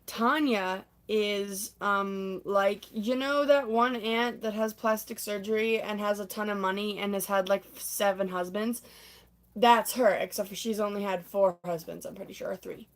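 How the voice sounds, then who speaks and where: A young woman on a livestream casually retelling a stage musical she performed in, talking in a rambling way full of "like" and "um", sometimes laughing and putting on squeaky voices for characters. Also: fairly even intonation, moderate pace. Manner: chatty, full of "like" and "um", laughs often, acts out lines in squeaky voices.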